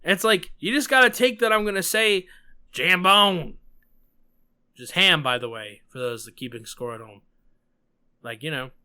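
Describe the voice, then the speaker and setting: A man's voice: on the high side, moderate pace, pushed and bright, smooth. A man with a New York accent hosting a podcast, chatting casually with emphatic, sarcastic asides. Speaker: podcast host.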